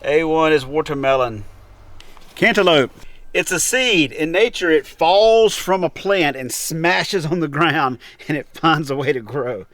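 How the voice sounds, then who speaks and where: A man's voice: on the high side, animated, a little slow, fairly bright tone, dry recording. Wry, teasing man planting seeds. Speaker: home gardening vlogger. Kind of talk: casual joking chat. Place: basement seed-starting setup.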